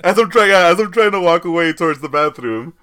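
A young man hosting a podcast, telling a story in a rambling, laughing, animated way. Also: high-pitched, fast talker, clear, resonant tone. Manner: rambling, laughs often, tells stories animatedly. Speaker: podcast host. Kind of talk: casual chat.

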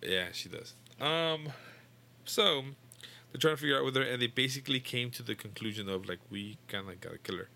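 A man's voice: medium pitch, lively intonation, moderate pace, creaky, sharp tone. A young man casually retelling a comic book story to a friend, rambling and swearing, full of fillers and restarts. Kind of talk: casual chat.

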